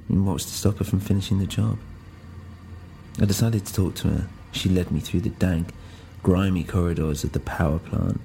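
A man's voice: low-pitched, creaky, warm tone. A man narrating a first-person audio drama in a brooding, introspective way.

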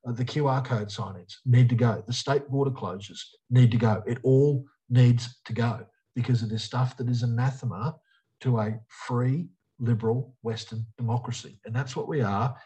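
A man's voice: mid-range voice, moderate pace, mellow, muffled recording. An Australian man, a politician being interviewed, speaking emphatically and repeating short punchy phrases. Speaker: politician guest. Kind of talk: interview answers.

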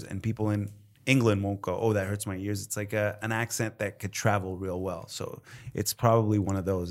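A man, a comedian guest chatting casually in an interview, rambling with many fillers and acted-out quotes. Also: fairly low pitch. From Canada.

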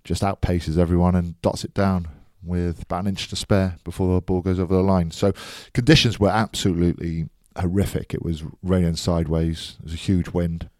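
Man, very deep voice, podcast co-host, matter-of-fact rugby breakdown, dry teasing, close dry sound. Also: little pitch movement, fairly quick, hardly any pauses, dark tone, dry recording. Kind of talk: casual sports podcast chat.

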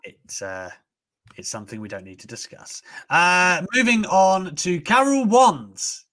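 A young man co-hosting a casual livestream, animated and quick to read out viewer messages. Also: high voice. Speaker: co-host of a wrestling livestream.

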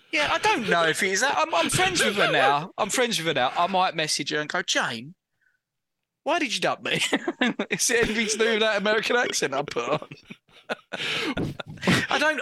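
A man rambles through a story, laughing as he goes. His voice is bright and full of movement, swinging up and down. It sounds dry and close to the mic. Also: sits high, lively intonation, moderate pace, no echo. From Basildon, England. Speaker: podcast co-host. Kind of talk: casual chat.

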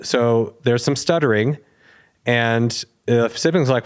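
A man, a police officer guest, telling an anecdote with animated delivery and acted-out dialogue. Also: medium pitch, slow pace, smooth. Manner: animated, acts out quoted dialogue. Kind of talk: storytelling anecdote.

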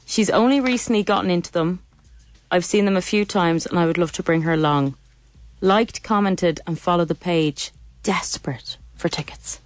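A woman co-hosting a radio show, teasing and quick to laugh. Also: on the low side, dry recording. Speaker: radio co-host.

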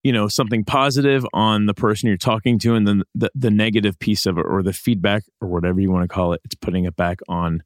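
Thoughtful, halting man, low voice. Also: fairly even intonation, no room sound, clean studio sound. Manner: thoughtful, halting, self-correcting. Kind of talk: casual podcast discussion.

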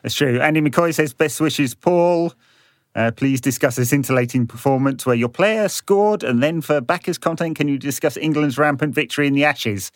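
A man's voice: on the high side, moderate pace, dry recording. A man co-hosting a podcast, reading listener questions in a dry, sardonic way. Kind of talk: casual podcast chat.

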